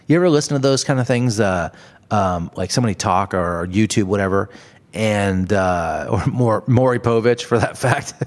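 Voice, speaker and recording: A male podcast host talking alone into the mic about things that annoy him. He is blunt and profane and laughs at his own jokes. His voice sits at an ordinary middle pitch. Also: brisk. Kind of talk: solo ranting podcast monologue.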